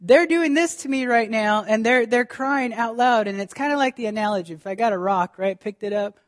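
A man's voice: extremely high pitch, brisk. A man preaching a sermon as pastor, speaking fervently and directly to his congregation, often restarting his sentences.

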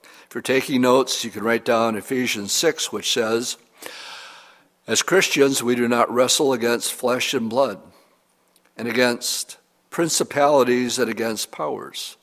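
Guy preaching, earnest and expressive, medium voice, big echoey hall sound. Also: medium pitch. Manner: earnest, expressive reading of scripture with pauses. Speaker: pastor. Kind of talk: sermon. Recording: long hall reverb.

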